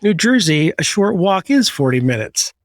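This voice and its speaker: A man hosting a podcast interview, playful and teasing, with quick asides. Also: high voice, big pitch swings, no room sound. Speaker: podcast host. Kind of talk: casual interview chat. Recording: dry, close sound.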